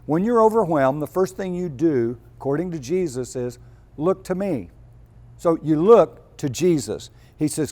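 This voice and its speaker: A man's voice: fairly high pitch, animated, a little slow, warm tone. A male pastor preaching a sermon, telling homespun stories and building to emphatic peaks.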